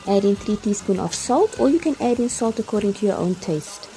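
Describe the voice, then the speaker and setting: A woman's voice: medium pitch, expressive, a little fast. A woman giving a chatty, step-by-step cooking tutorial voice-over. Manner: chatty, step-by-step instructions with light laughs. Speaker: cooking vlogger. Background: background music.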